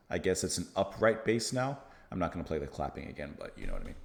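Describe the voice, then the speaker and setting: A man's voice: low-pitched, fast talker, gravelly. A man hosting a music reaction, chatting casually and jokily while quoting lyrics. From United States. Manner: animated, jokey, quotes lyrics aloud. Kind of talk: casual music review chat. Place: home room. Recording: echoey room.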